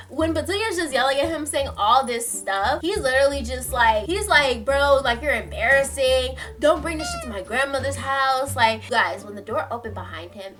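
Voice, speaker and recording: A woman vlogger telling a story in a casual, slangy, animated way, swearing freely. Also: a little high.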